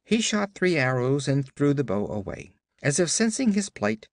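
A man narrating an audiobook with dramatic, expressive storytelling. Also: on the high side, normal speed, creaky, no room sound, clean studio sound.

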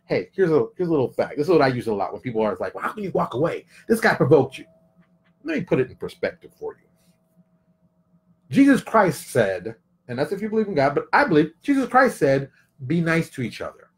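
Animated man ranting in a lively voice. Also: fairly high pitch, fairly quick. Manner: animated, emphatic, repeats phrases for effect. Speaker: commentary vlogger. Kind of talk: casual opinion monologue.

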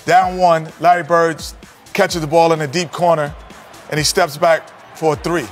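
A man casually retelling a story he was told, in a lively way that builds as it goes. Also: fairly high pitch, moderate pace, soft background music. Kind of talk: casual anecdote telling.

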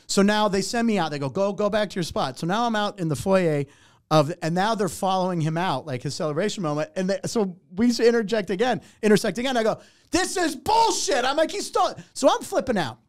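Man, comedian, middle-aged, animated profane storyteller, fairly high voice, dry close mic. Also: fast talker, no room sound. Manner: animated, profane, acts out other voices in anecdotes. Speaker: comedian and warm-up host. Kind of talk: casual storytelling.

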